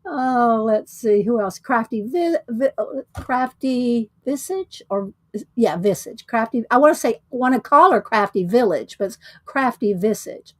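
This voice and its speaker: A woman hosts a casual livestream, chatting with viewers and laughing often. Her voice sits a little high. The sound is close and dry, with no room echo. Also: animated, takes it slowly. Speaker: livestream host.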